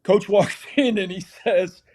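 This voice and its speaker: A man's voice: sits high, a little slow. An older man, a former football coach and guest on the show, telling stories casually and acting out the scenes. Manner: animated storyteller, acts out scenes. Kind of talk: casual anecdotal storytelling.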